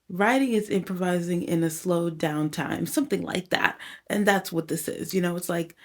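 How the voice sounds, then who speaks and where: A woman talking casually to her vlog audience from home while she records her own song. She rambles, says "y'all" and "like" a lot, and sounds slightly out of breath at times. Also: lowish voice. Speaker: songwriter and home producer. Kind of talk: casual vlog talk to camera.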